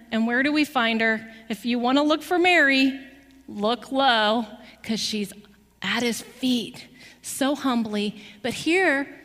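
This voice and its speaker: A woman preaching a sermon, telling a story with lively rhetorical questions to her listeners. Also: high voice, in a large hall.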